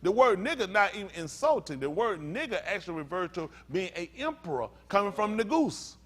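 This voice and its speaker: A male pastor preaching a teaching sermon. He talks with lively emphasis, acts out the voices he quotes, and reads aloud haltingly. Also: sits high.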